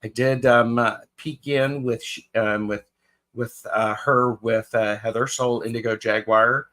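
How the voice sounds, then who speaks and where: A man co-hosts a live tarot stream, speaking in a steady, mid-range voice that sounds pushed and bright. Unhurried, he greets chatters by name one by one, with plenty of ums and restarts in the casual chat.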